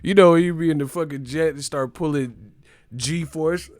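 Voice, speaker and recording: A man's voice: fairly high pitch, a little slow, a little mellow, no room sound, studio quality. A man hosting a live stream, giving crude, mocking commentary as he reacts to chat and often breaks into laughter.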